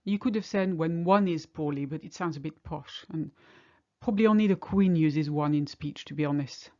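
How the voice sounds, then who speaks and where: A woman's voice: deep voice, darkish tone. French woman teaching in lo-fi audio. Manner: explains slowly and clearly, switching between French examples and English translations. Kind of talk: online language lesson.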